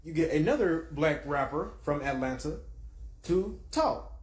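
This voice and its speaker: A man in a commentary clip, lively and asking rhetorical questions. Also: fairly high pitch, a little slow. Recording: echoey room.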